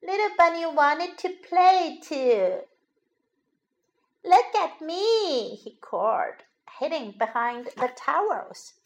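A woman narrating a children's story in a slow, lilting, expressive way. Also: sits high.

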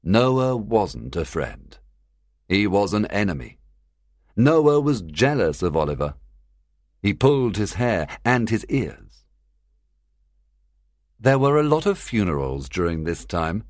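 A man narrating a simplified classic novel for learners in a clear, deliberate way. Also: lowish voice, very animated, a little mellow, dry recording, studio quality. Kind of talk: graded reader audiobook narration.

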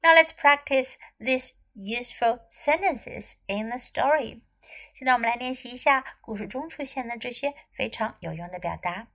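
Woman teacher, children's story read-aloud in two languages, slow and deliberate, high voice. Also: lively intonation, fairly bright tone. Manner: slow, clear teaching delivery with repetitions. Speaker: English teacher. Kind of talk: bilingual children's story reading.

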